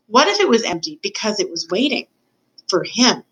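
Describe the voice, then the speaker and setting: A woman's voice: medium pitch, sing-song, fairly quick, fairly bright tone, a little hiss or hum, low-quality recording. A woman, a student, reads a children's novel aloud carefully, now and then stumbling over a word. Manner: careful reading with occasional stumbles. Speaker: student reader.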